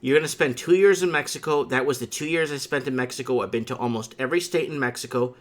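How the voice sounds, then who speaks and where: Speaking quickly in a mid-range voice, a man hosts a livestream and has a casual chat with someone calling in. His storytelling wanders, with lots of emphasis and frequent side remarks.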